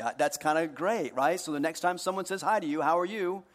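A man preaching a sermon to his congregation, joking with them and moving between hushed earnest moments and loud, playful ones. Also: on the high side, fast, big-room sound. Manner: jokey, talks directly to the congregation. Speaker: pastor. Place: church hall.

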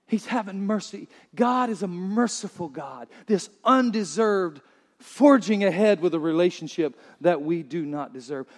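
A pastor delivering a sermon, preaching in an earnest, emphatic way. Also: male voice, sits high, big-room sound.

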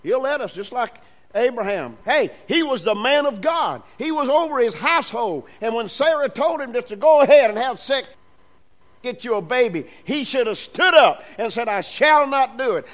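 A man with a notably high-pitched voice preaches a sermon to his congregation. He drives his points home through repeated phrases, and his emphasis swells and drops as he goes. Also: low-quality recording. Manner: emphatic preaching with repetitions and rising, falling emphasis.

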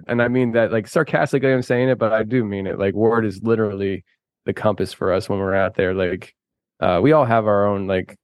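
A man with a lowish voice talks in a loose, rambling way. He laughs often and restarts his sentences as he chats. The sound is dry and close, with no room echo. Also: a little mellow. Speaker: podcast host and filmmaker guest. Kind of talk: casual conversation.

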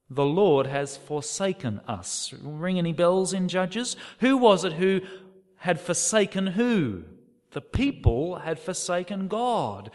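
A man delivers a sermon with a lively, swooping voice that sits a little high. His words ring out through a church hall with long reverb. He reads scripture quotes dramatically. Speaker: preacher.

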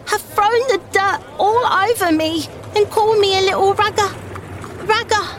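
A tearful little girl from a storybook, her voice high and wavering, each word dragged out through sobs. A woman reading the book puts her on. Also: fairly even intonation, a crowd in the background, background noise. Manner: high, tearful, drawn-out delivery. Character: little girl, sobbing and upset.

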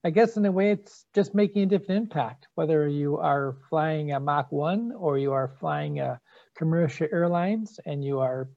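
Calm interview host, dull dry sound. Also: mid-range voice, normal speed, vocal fry, dry recording. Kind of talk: casual interview storytelling.

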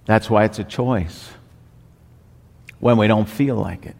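A man preaching a sermon with slow, deliberate emphatic repetition. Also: lowish voice, gravelly, darkish tone. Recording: long hall reverb.

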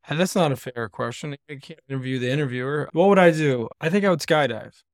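A man's voice: a little high, fast talker, dry recording, clean studio sound. A man hosting a casual podcast interview over a call, joking easily with his guest. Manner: jokey, easygoing. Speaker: podcast host. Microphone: remote call.

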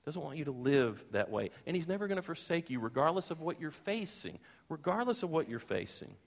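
A man's voice: fairly high pitch, very animated, fairly quick, gravelly. Earnest male preacher in a reverberant hall. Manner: earnest storytelling, repeats phrases for emphasis. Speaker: pastor. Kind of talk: sermon.

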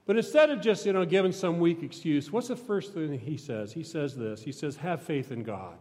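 High-voiced pastor preaching in a reverberant church. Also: male voice, big pitch swings, moderate pace. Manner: conversational and joking with the congregation, sometimes shouting. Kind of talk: sermon.

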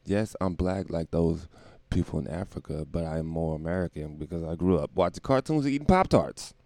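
Deep gravelly man riffing irreverently. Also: lively intonation, fairly quick, dark tone, no echo. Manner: irreverent, laughing, profane riffing. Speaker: podcast host. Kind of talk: rambling comedic monologue.

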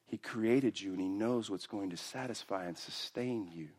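A man preaching a sermon as pastor, acting out quoted voices with big jumps in pitch. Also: moderate pace, darkish tone.

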